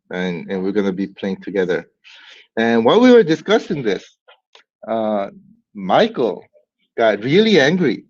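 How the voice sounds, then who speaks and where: A man's voice: on the low side, lo-fi sound. Man hosting a casual livestream. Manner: rambling, laughs often, hype announcer bursts. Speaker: livestream host.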